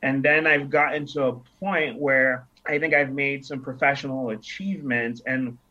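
With a steady, sharp mid-range voice at normal speed, a Nigerian man in his thirties tells reflective stories in a casual interview, acting out the dialogue as he goes. The lo-fi audio sounds dull.

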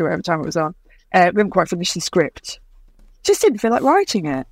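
A middle-aged woman TV producer telling stories in an interview, animated and laughing as she acts out what others said. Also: lowish voice, brisk, no echo. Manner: animated anecdotes with laughter and acted-out quotes. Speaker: TV producer guest. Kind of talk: podcast interview storytelling.

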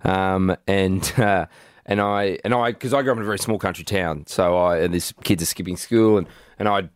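A man with an Australian accent hosting a radio show, telling a story in an animated way with lots of restarts and casual chat in the studio. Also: deep voice, normal speed, clean tone, dry recording. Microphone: studio microphone.

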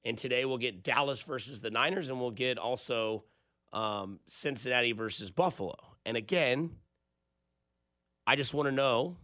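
A man's voice: medium pitch, moderate pace, sharp tone, no room sound. A man hosting a sports radio show, casual and jokey, on a close studio mic. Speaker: radio host.

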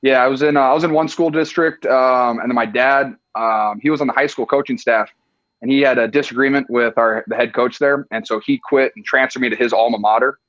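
A man's voice: medium pitch, steady tone, fairly quick, fairly bright tone, no echo, dull audio. A young man from the US Midwest, a football player chatting as a guest, laid-back and full of filler words. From Iowa, US Midwest. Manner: laid-back, peppered with "like" and "dude". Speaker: podcast guest, tight end. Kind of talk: casual chat.

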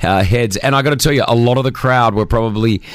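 A man hosting a morning radio show, chatting and telling stories in a lively way from a studio microphone. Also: mid-range voice, fast talker, no room sound. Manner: chatty, animated storytelling. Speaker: radio host.

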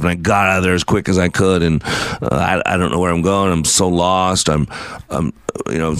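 Halting, earnest man with a low voice. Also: clear, resonant tone, dry recording. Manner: rambling, halting, restarts often; earnest, religious storytelling. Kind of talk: personal testimony with reading.

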